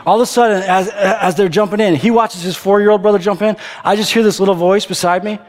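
A man in his thirties preaching a sermon. He tells stories in an animated way, acts out voices and often restarts his sentences. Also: sits high, fast. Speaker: pastor. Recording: reverberant hall.

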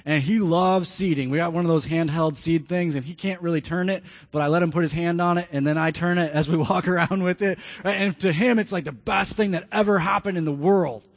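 A man's voice: on the high side, steady tone, a little fast, hardly any pauses, big-room sound. A man in his thirties, a pastor, telling a personal story in an earnest sermon and repeating key phrases.

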